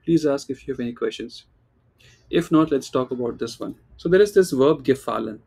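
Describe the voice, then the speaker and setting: A man's voice: medium pitch, animated, fairly quick, creaky, darkish tone, breathy edge. A man teaching German, explaining step by step and often checking in with "right?", repeating example phrases in different tones. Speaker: German tutor. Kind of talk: online language lesson.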